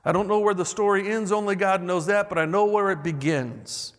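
A man's voice: high voice, a little fast, long reverb tail. A man preaching a sermon in a church, reading song lyrics aloud and building emphasis as he goes. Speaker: pastor.

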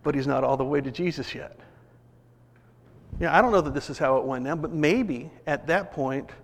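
A man preaching a sermon, telling a story in an animated way and acting out the voices of people in it. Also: on the high side, moderate pace, vocal fry. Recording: long reverb of a large hall.

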